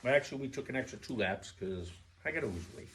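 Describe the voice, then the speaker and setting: A man's voice: mid-range voice, quick pace, slight background noise. A man talking straight to his viewers in a rambling casual monologue, blunt and profane, who keeps drifting off topic. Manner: digressive and profane, loses his thread; blunt and animated. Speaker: vlogger.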